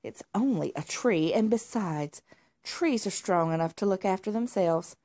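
A woman's voice: medium pitch, lively intonation, measured pace, dark tone. Marmalade, a grumpy spoiled cat voiced by a woman. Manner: grumpy, demanding, huffy. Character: lazy spoiled snobbish male house cat.

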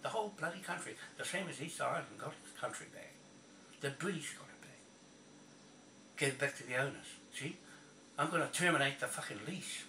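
Kiwi guy ranting, swears a lot, bright edgy voice, a bit off mic in an echoey room. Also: medium pitch, distant mic, slight background noise. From New Zealand. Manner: blunt, profane, repetitive ranting. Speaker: video blogger. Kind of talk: angry ranting monologue.

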